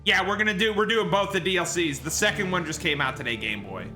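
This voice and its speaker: A man's voice: sits high, fast talker, sharp tone, soft background music. A man streaming a video game live, chatting in joking, profane banter. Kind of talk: live gameplay commentary.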